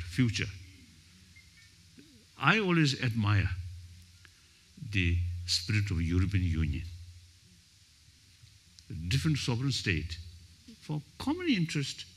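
Older man, halting panel speaker. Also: lowish voice, slight background noise. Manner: halting, searching for words, frequent "you see". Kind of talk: panel talk. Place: conference hall.

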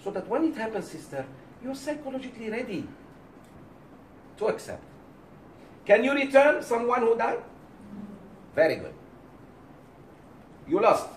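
A man teaching a religious class, speaking in a lively way and acting out the voices he quotes. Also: very high voice, measured pace, long pauses, a little hiss or hum. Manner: animated, acts out quoted voices. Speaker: Islamic teacher. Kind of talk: lecture to a class. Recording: roomy, distant mic, faint background.

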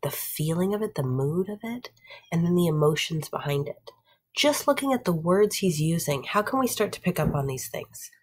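A woman's voice: low-pitched, husky. A woman teacher giving a recorded lesson to her students, often checking in with "right?" and "okay?".

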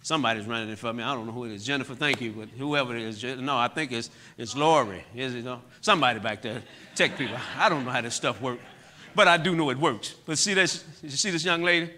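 A middle-aged man giving an impassioned testimony talk to a church audience, moving between loud outbursts and quiet, heavy moments. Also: mid-range voice, fast, slight background noise. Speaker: guest speaker. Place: church hall.

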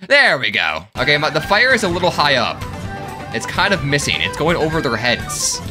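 Animated, joking man on gameplay. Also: a little high, moderate pace, music in the background. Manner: jokey, animated, yelps and laughs. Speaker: gaming video host. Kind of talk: comedic gameplay commentary.

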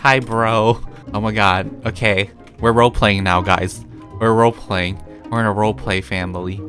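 A man's voice: fairly low pitch, steady tone, normal speed, fairly bright tone, soft background music. A man giving casual gameplay commentary as a gaming YouTuber, giggly and mischievous and laughing often.

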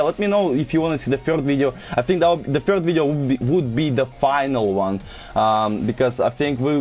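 A man with a Russian accent hosting a gaming video, excitable and chatty as he opens rewards. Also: mid-range voice. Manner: excitable, yells and laughs when thrilled. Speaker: gaming channel host. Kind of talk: gameplay commentary.

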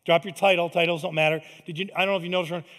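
Pastor, male, conversational preacher, loud then hushed, church hall echo. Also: high voice, steady tone, very fast. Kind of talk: sermon. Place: large church sanctuary. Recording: long hall reverb.

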